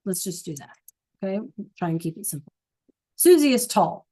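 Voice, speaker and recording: A woman's voice: mid-range voice, big pitch swings, warm tone. A woman teaching a language class, patiently explaining and checking in with her students often. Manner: repeats key points slowly. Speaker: Spanish teacher. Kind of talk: classroom lesson.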